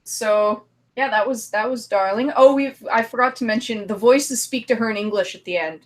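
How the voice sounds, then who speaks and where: A woman's voice: a little high, moderate pace. A woman co-hosting a podcast, chatting casually and emphatically about a horror movie. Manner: animated, emphatic, laughs easily. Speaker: podcast co-host.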